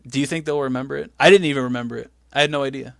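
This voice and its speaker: A man co-hosting a casual chat show, animated and acting out quotes in playful voices. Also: mid-range voice, rapid-fire, creaky, no echo, clean studio sound. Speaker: podcast co-host recapping wrestling.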